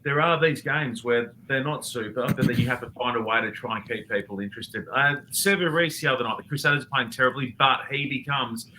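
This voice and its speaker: A man's voice: medium pitch, fairly quick, few pauses, noisy background. A man, a rugby commentator guesting on a podcast, talking bluntly and animatedly over a remote call. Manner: animated, blunt, swears casually. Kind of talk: casual podcast chat.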